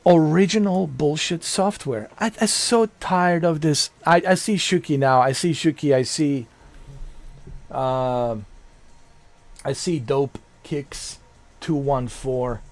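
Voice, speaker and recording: Slow, rambling male game streamer. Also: medium pitch, creaky. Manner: rambling and repetitive, swears casually. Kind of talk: casual live-stream chatter.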